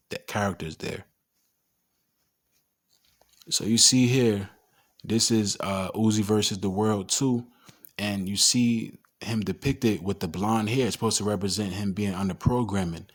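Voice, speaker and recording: A man talking casually while explaining images and reading scripture aloud. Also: on the low side. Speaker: commentator on symbolism and scripture. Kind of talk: casual screen-share commentary.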